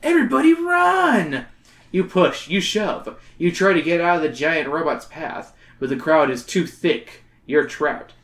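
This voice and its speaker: A woman's voice: low-pitched, a little slow, few pauses. A woman hosting a podcast, reading a kids' horror book aloud and breaking off for jokes. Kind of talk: comedic read-aloud. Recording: echoey room.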